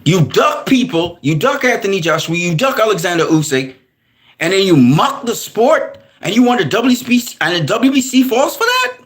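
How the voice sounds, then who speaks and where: Fired-up man ranting, high and animated. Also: normal speed. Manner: angry, heated, profane ranting. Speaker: boxing commentator. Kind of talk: ranting commentary.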